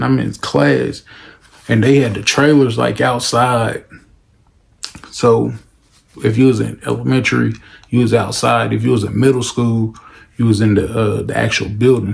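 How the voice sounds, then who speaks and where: A young man from Los Angeles telling a story casually in a slangy, animated way, acting out every voice. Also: mid-range voice, vocal fry. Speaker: vlogger.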